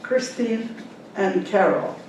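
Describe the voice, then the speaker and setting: A woman in her seventies with a Finnish accent, a Finnish speaker, reading her own novel aloud in an unhurried way with soft fillers, then talking about her characters. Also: lively intonation. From Finland. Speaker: author. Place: library event hall. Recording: echoey hall, speaker far from the mic, faint rumble.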